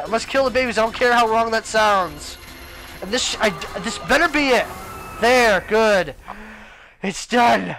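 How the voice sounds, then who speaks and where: A man's voice: high voice, lively intonation, measured pace, sharp tone, soft background music, low-quality recording. A young man commentating his own gameplay as a let's play host, exasperated and exclaiming at the game.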